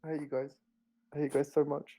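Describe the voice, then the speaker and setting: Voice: mid-range voice, little pitch movement, quick pace, dark tone, poor audio. A player in a tabletop game speaking in a mock-dramatic, teasing way.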